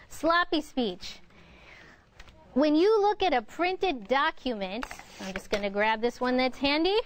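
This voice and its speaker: A middle-aged woman presenting a workshop, coaching clearly and modeling intonation examples for the audience. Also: high-pitched. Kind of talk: interactive workshop lecture.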